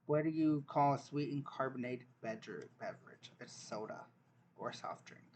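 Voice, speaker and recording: A man's voice: mid-range voice, moderate pace, a little mellow, slight background noise. A young man, casually reacting to a dialect quiz, joking and incredulous as he thinks aloud. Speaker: vlogger taking an online dialect quiz.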